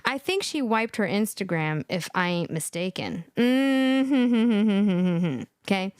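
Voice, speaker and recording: A woman's voice: on the low side, lively intonation, moderate pace, no echo, studio quality. A woman hosting a live stream and giving reaction commentary, laughing often, repeating herself, incredulous.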